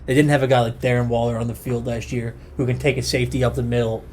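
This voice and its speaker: Young guy cohosting a sports podcast, casual joking banter, normal-pitched voice. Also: flat delivery, quick pace, a little mellow, a little hiss or hum. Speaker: podcast co-host.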